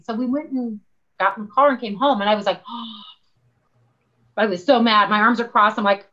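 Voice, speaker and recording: A woman's voice: a little high, a little fast, highs cut off. A woman guest author talking in an interview, telling stories animatedly and acting out the voices she quotes. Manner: animated storyteller, acts out her own quoted voices. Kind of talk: conversational interview.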